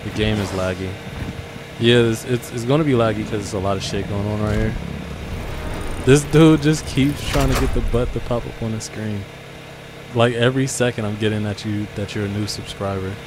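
A man streaming a game live, chatting with viewers and other players, swearing often and yelling and laughing when he gets attacked. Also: lowish voice, fairly even intonation, normal speed, background noise. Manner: talks to chat and other players. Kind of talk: live gameplay streaming chat.

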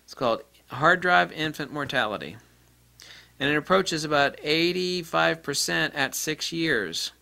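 A man giving an off-the-cuff repair tutorial, blunt and profane, ranting and mimicking people in high-pitched quotes. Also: lively intonation, measured pace, creaky, sharp tone. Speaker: DIY repair presenter.

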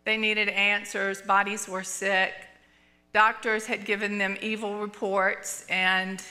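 Bright-voiced woman telling church stories. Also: mid-range voice, slow pace. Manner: animated, laughing storyteller acting out quotes. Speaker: church teacher. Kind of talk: storytelling sermon. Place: church sanctuary.

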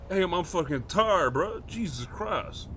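A man role-playing a mechanic in a game, excitable, slangy and swearing a lot. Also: a little high, a little fast, a little hiss or hum. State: out of breath. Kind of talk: in-character game role-play.

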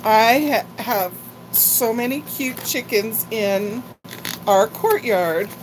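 A woman's voice: on the high side, slow, background noise. An older woman chatting casually and rambling on a live-stream haul video, talking like a grandmother. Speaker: vlogger.

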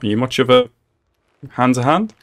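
A man's voice: medium pitch, animated, normal speed. A man hosting a reaction video, talking casually and blurting out reactions, often swearing and laughing. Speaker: reaction channel host.

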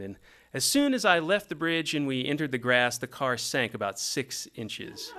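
Middle-aged texas guy telling a comedy story, bright voice, lively. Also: mid-range voice, normal speed. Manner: wry, animated delivery.

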